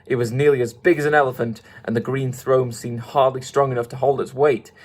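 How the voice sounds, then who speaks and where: A man reading a classic storybook aloud in a steady way, with small restarts. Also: medium pitch, a little fast. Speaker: audiobook reader.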